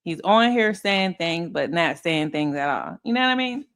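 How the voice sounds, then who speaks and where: A woman's voice: fairly low pitch, expressive, normal speed, fairly bright tone, clean tone. Blunt, profane woman commentator. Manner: blunt, profane, laughs a lot. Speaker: commentary host. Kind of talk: casual commentary.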